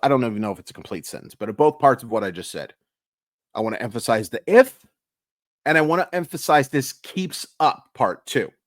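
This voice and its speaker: A man's voice: mid-range voice, animated, a little fast, no room sound, studio quality. A man hosting a daily baseball recap channel, venting with exasperated emphasis. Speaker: sports YouTuber.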